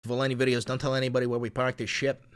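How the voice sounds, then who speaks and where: A man's voice: mid-range voice, monotone, rapid-fire, smooth. A man hosting a casual livestream, reading viewer comments and joking and swearing between bits of silly voices. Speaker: livestream host.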